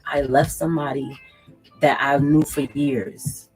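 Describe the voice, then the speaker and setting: A woman's voice: extremely low pitch, fairly even intonation, a little slow, darkish tone, soft background music, rough recording. A woman reading tarot on her channel, giving emphatic, preachy spiritual advice straight to camera, repeating phrases for weight and swearing casually. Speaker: tarot reader and channel host.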